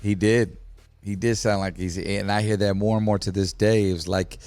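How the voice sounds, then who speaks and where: Gravelly, animated podcast host. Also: male voice, on the low side, brisk, no room sound. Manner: animated, hype, talks to viewers. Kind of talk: casual podcast chat.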